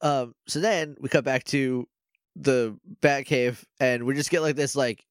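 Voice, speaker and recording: A man co-hosting a podcast, casually recapping a TV episode with quick voices and frequent laughs. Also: medium pitch, dry recording, studio quality. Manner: animated, quotes characters in quick put-on voices, laughs often. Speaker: podcast co-host.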